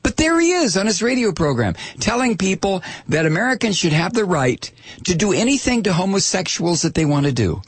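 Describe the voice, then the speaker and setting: A man's voice: high voice, big pitch swings, a little fast, breathy edge, no room sound. A man hosting a talk radio show, ranting angrily with heavy sarcasm into a studio microphone.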